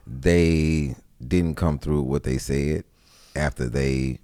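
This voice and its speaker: A man's voice: rumbling low, steady tone, takes it slowly, dark tone, smooth, no echo, clean studio sound. A man appearing as a guest comedian in a casual interview, answering with short, laid-back remarks.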